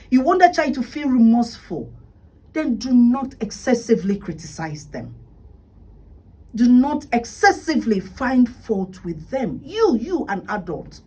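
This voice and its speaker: A woman's voice: on the high side, very animated, a little slow, mellow, husky, distant mic, rough recording. A woman with a Nigerian accent hosting a radio advice talk on parenting, speaking emphatically with rhetorical questions and sometimes dropping into a whisper. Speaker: radio talk show host.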